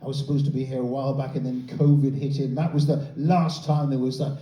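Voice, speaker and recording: A man's voice: medium pitch, little pitch movement, fast, far from the mic. A man doing a sardonic, sweary stand-up set, stammering through impressions of small talk. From England. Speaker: stand-up comedian. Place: comedy club stage before a laughing audience. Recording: roomy live sound from off-mic, loud crowd and noise.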